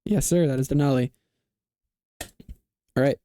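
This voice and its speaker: A man hosting a casual online quiz game, reading clues aloud and confirming answers with a quick "yes, sir". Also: mid-range voice, warm tone, no room sound. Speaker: quiz show host.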